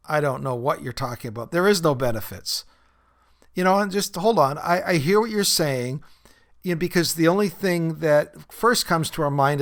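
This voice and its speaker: Smooth-voiced man chatting on his podcast. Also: a little high, fairly bright tone. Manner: conversational, many fillers, laughs at his own stories. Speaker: podcast host and recovery group leader. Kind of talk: casual solo podcast talk.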